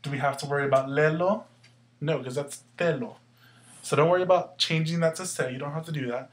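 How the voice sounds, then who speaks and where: A man teaching a language lesson step by step, asking questions and answering them himself and slowly sounding out words to show where the stress falls. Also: on the high side. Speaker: Spanish teacher. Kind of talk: explaining grammar step by step.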